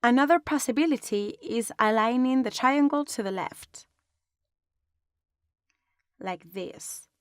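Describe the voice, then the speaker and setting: A woman explaining a design lesson step by step in a calm, instructional way, recorded as a close voice-over. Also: a little high, takes it slowly, long pauses, smooth, no room sound. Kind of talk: online lesson narration.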